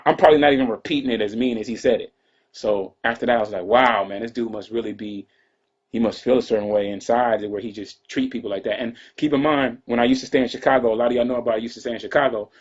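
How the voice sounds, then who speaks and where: A man tells a personal story in a quick, laid-back way, often asking if you follow him. His voice is husky and slightly rough. The recording sounds dull and lo-fi. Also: medium pitch. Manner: laid-back, repeats "you know what I'm saying". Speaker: interview guest. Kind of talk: casual storytelling. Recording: dull lo-fi audio.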